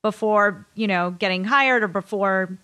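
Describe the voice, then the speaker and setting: A woman guest on a casual podcast who asks wry, quiet questions. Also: medium pitch, measured pace.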